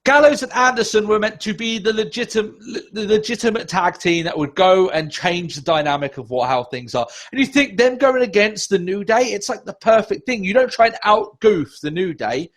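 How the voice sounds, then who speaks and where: A man's voice: sits high, lively intonation, moderate pace, hardly any pauses, a bit bright. A man co-hosting a casual podcast, ranting with lots of swearing and sarcasm. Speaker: podcast co-host.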